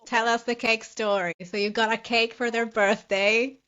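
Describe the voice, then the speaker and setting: A woman's voice: on the high side, flat delivery, normal speed, pushed and bright. A woman hosting a podcast, prompting her guest with encouraging questions. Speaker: podcast host. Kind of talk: casual interview. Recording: dull, lo-fi podcast audio.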